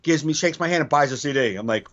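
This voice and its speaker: A man's voice: fairly high pitch, fast talker. A man, a stand-up comedian, telling club stories in casual, profane podcast chat. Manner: profane, animated storytelling with acted quotes. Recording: dull lo-fi podcast audio.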